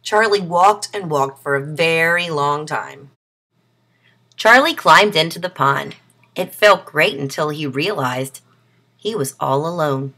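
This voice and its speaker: Bright breathy woman reading a children's story. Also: low-pitched, slow pace.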